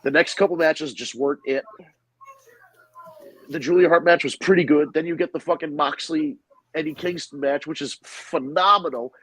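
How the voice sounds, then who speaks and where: A man's voice: on the high side, moderate pace, fairly bright tone, no room sound, rough recording. A man hosting a podcast, talking in a casual, rambling and profane way with strong opinions. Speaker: podcast host. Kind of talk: casual chat.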